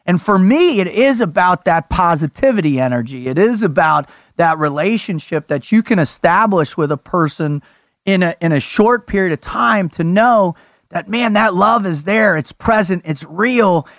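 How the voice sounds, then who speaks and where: A man hosting a podcast, hyped and loud, laughing often and swearing freely. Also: sits high, animated, normal speed, dry recording, studio quality. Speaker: podcast host. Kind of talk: energetic podcast conversation.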